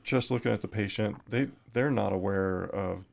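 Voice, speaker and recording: A middle-aged man, a retired firefighter, talking thoughtfully in a podcast interview, pausing and restarting often. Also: fairly low pitch, vocal fry, a little mellow. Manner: thoughtful, halting with frequent restarts.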